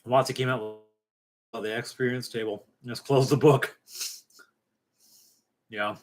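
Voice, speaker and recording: A middle-aged man hosting a casual late-night livestream, rambling and halting with many fillers and restarts, dropping wry, joking asides. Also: medium pitch, steady tone. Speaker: livestream host.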